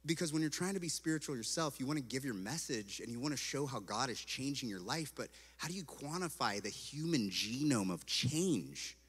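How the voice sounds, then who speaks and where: A man from California telling his personal testimony as a story, animated and acting out his own past words, with "like" all through his talk. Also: medium pitch, a little fast, few pauses, breathy edge. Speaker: speaker giving a personal testimony. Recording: long hall reverb.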